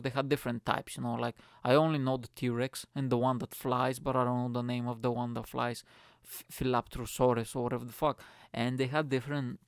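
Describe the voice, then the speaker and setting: A man's voice: mid-range voice, no echo, studio quality. A young man hosting a podcast on his own, rambling and swearing as he mocks himself. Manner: sweary, rambling, self-mocking. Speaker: podcast host. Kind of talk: casual solo rant.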